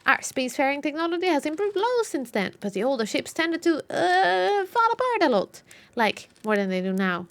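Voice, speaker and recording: A calm, lonely male alien keeping a far outpost speaks in a high, lively voice that rises and falls freely, as a woman reads him out from a game. His delivery stays plain and easygoing, like dialogue read straight off the screen. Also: moderate pace. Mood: explaining.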